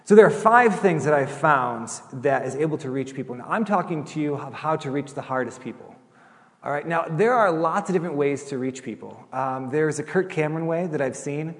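A middle-aged male pastor preaches in a loose, conversational way and acts out the people in his stories. His voice sits a little high, and a long reverb trails behind him in a big hall. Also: fairly quick. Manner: animated, chatty, acts out quoted voices. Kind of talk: sermon storytelling.

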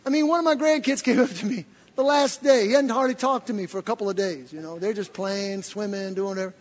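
An older male preacher with a very high, husky voice tells his story animatedly, dropping to hushed asides and then rising to loud, excited bursts. His voice rings with the long reverb of a large church hall. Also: quick pace. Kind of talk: sermon storytelling.

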